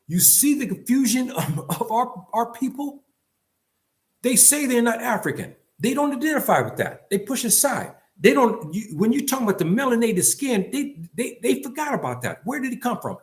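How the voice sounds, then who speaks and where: An older man giving an impassioned monologue to his community, blunt and scolding, repeating himself and firing off rhetorical questions. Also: high-pitched. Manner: emphatic, repetitive, rhetorical questions. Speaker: commentator addressing his community.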